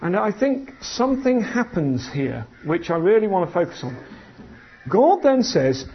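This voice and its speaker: A man preaching a sermon in an animated, conversational storytelling manner. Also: sits high, unhurried, husky. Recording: dull lo-fi sound.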